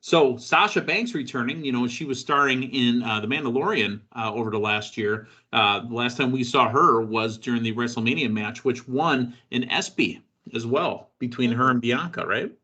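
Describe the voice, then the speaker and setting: A man hosts a casual wrestling podcast. His voice is bright and forward, and he talks in a loose, joking way with plenty of fillers. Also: mid-range voice, moderate pace, few pauses, husky. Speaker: podcast host.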